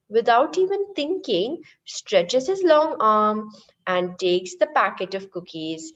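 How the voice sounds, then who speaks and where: A woman teacher, animatedly telling a story to an online class and addressing the listeners directly. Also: medium pitch. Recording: muffled lo-fi online class audio.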